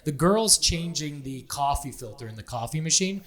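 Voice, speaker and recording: A man hosting a podcast, telling a profane, animated story in casual chat. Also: a little high, moderate pace. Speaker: podcast host.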